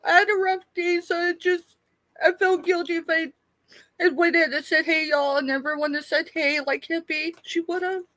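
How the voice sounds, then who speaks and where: A woman's voice: very high voice, fairly even intonation, moderate pace, a bit bright, no echo. A middle-aged woman, ranting angrily and tearfully on a late-night live stream. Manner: angry, tearful, confrontational.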